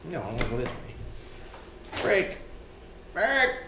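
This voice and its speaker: Speaking unhurriedly in a slightly high voice whose pitch swoops wildly, this Canadian man chats to his "boys" as he works, joking and cursing through a laid-back vlog. Background noise and room echo are audible.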